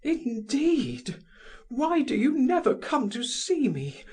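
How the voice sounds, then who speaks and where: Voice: big pitch swings, slow, darkish tone, heavily acted. A single audiobook reader voicing a desperate, lovesick middle-aged society woman in a raised, pleading voice. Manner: pleading, high-pitched and breathy. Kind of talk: audiobook character voice.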